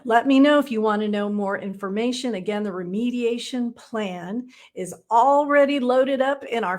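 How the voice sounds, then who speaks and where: A woman with a slightly high voice runs a casual live training session for counseling supervisors. She talks bluntly and playfully, with frequent "right?" checks to her viewers. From Texas. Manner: chatty, frequent "right?" tag questions. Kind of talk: casual live-streamed teaching.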